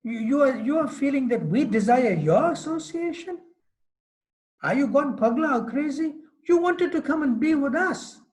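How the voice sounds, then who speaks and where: A woman's voice: lowish voice, brisk, hardly any pauses, mellow, close to an everyday voice, rough recording. A man voicing a proud, indignant young cowherd queen who scolds her beloved. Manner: scolding, mocking.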